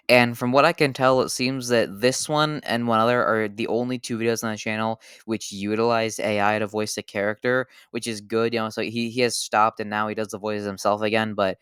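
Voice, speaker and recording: A man's voice: fairly low pitch, steady tone, moderate pace, fairly bright tone, clear, resonant tone, no room sound, studio quality, soft background music. A man narrating a casual video essay, swearing often and stumbling over repeated restarts. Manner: profane, rambling, stammering restarts.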